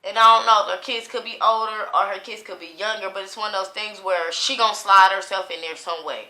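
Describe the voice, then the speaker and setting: A woman's voice: medium pitch, steady tone, fairly quick, sharp tone, reverberant. A woman giving a casual tarot reading, talking in a rambling, profane, stream-of-consciousness way. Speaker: tarot reader.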